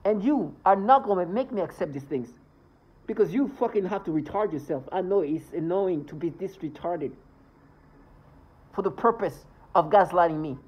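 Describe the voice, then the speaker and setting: Man, agitated vlog rant, indignant, swearing, husky, muffled recording. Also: high voice. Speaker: vlogger. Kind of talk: ranting monologue to camera.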